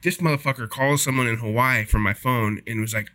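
A man's voice: medium pitch, brisk, pushed and bright. A man in his thirties chatting on a podcast, blunt and profane as he tells stories. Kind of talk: casual chat.

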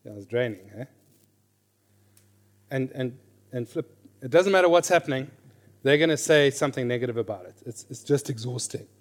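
Man, middle-aged, Bible teacher, lively class talk, mid-pitched voice, questions the room, repeats key lines. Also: moderate pace, long pauses. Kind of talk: teaching a class on reading scripture.

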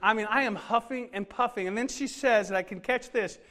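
A man's voice: high-pitched, a little fast, sharp tone. A middle-aged man preaching, telling a self-deprecating story in a casual, conversational way with lots of fillers. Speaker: pastor. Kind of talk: humorous sermon story.

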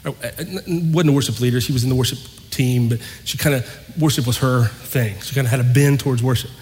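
Animated preacher man telling a story in a sermon, reverberant church, faint hiss. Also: medium pitch, fast. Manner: animated, acts out quoted dialogue. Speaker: pastor. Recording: long hall reverb, faint noise.

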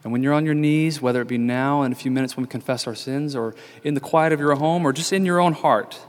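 A man delivers a sermon in an earnest, measured way, leaning on repetition to drive points home. His mid-range voice rings out with a long church reverb behind it. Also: medium pitch. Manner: earnest, measured, repeats key phrases for emphasis. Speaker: preacher. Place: church sanctuary.

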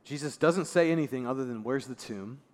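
A male pastor giving a sermon in a conversational way, dropping his voice low and soft for emphasis. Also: brisk. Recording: long reverb of a large hall.

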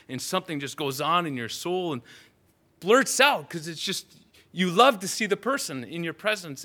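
A man's voice: on the high side, bright, forceful tone. A man preaching a sermon, retelling a Bible story vividly and often restarting phrases.

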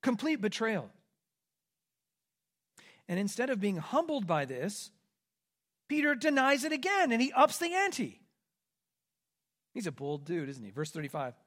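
A man preaching a sermon, swinging between loud, emphatic declarations and hushed, quiet asides. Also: sits high, wildly swooping pitch, measured pace, pauses often. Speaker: pastor.

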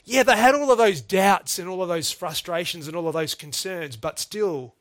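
Earnest man preaching, high-pitched. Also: moderate pace, fairly bright tone, no room sound. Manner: earnest, emphatic, addresses listeners as "folks". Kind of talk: sermon.

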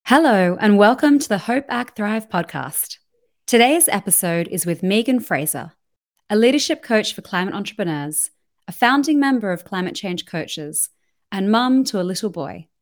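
A woman's voice: mid-range voice, animated, moderate pace. An Australian woman co-hosting a podcast, reading an upbeat scripted intro and welcoming a guest. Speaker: podcast co-host.

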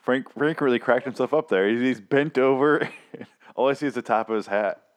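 A man's voice: medium pitch, normal speed. A man co-hosting a comedy podcast, ranting in casual banter with profanity and exasperation. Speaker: podcast co-host.

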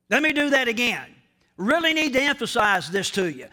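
A pastor with a very high, pushed, bright voice preaches a sermon slowly and emphatically, yet with animation. He repeats key phrases and speaks straight to the congregation, addressing them directly.

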